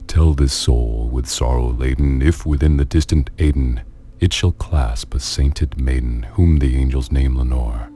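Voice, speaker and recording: Very deep-voiced man reading poetry dramatically. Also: warm tone, husky. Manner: theatrical, slow and brooding. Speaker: narrator. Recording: clip with faint music behind. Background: faint music.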